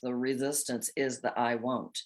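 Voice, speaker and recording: A woman in her sixties with a low-pitched voice leads a spiritual coaching chat for a women's group. She speaks expressively and dramatizes inner voices. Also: little pitch movement, moderate pace. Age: 60s.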